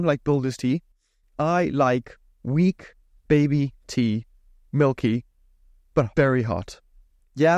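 A man's voice: mid-range voice, a little mellow, dry recording, clean studio sound. A young man hosting a podcast, ranting in a sweary, mock-indignant way. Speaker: podcast host. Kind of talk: solo podcast rant.

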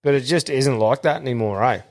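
Blunt, swearing podcast host. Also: male voice, mid-range voice, a little fast, a little mellow. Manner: blunt, swearing, laid-back. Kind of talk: casual chat.

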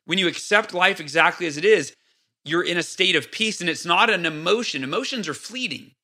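Bright, forceful, and high-pitched, this man's voice moves briskly as he tells stories as a guest on a casual podcast interview. Lively reenactments of his old outbursts give way to calm explanation.

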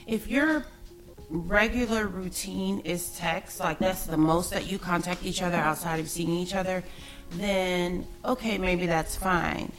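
Brief: lower-pitched woman, upbeat chatty co-host, light music under. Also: steady tone, unhurried. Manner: upbeat, laughs often. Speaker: podcast co-host. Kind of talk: casual chat.

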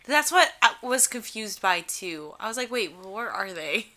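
A woman with a cold co-hosts a casual podcast recap in a bright, mid-pitched voice. She drops dry, sarcastic jokes into the chat. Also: big pitch swings, normal speed. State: has a cold. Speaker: podcast co-host.

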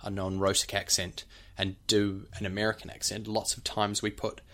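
Teacherly New Zealand man, lowish voice. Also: monotone, moderate pace, fairly bright tone. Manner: explanatory, teacherly, demonstrates speech sounds. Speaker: podcast co-host explaining accents. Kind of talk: casual podcast chat.

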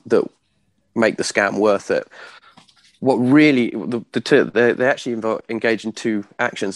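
A man giving an informal history talk from notes to a small audience, halting often with ums and self-corrections. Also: on the low side, dry recording. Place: room with a small live audience.

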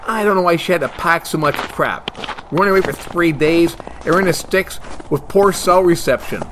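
Deadpan slacker guy, male actor, a touch high-pitched. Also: normal speed, noisy background, close to an everyday voice. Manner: deadpan, sarcastic. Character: sarcastic lazy young man, soccer fan.

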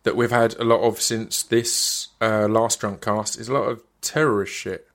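A man's voice: lowish voice, little pitch movement, moderate pace, fairly bright tone. A man, hosting a podcast and telling a story in casual, sweary chat with stammered restarts. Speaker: podcast host.

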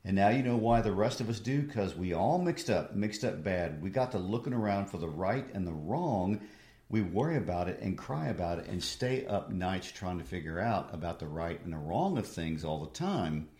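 A man's voice: low voice, animated, normal speed, warm tone. A man reading out the brooding lines of a bitter, disillusioned working-class man in a play. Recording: echoey room.

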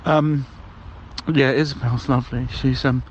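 A man's voice: mid-range voice, fairly even intonation, a little slow, lo-fi sound. A man leaving rambling, cheerful voicemails as a balloon ride passenger, with many hesitations. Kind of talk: comic voicemail monologue.

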